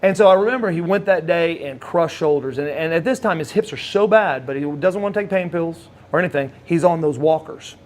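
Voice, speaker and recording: A man telling a personal story in casual speech, with halting restarts and lively acted-out quotes. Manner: animated, acts out quoted voices with big pitch jumps; halting restarts and repeated words. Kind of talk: casual spoken anecdote.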